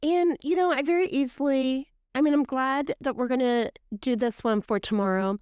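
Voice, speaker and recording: A woman's voice: high voice, moderate pace, clean tone, no room sound, studio quality. A middle-aged woman co-hosting a podcast, telling stories in casual chat with lots of "like". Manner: animated storyteller, fillers of "like". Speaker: podcast co-host.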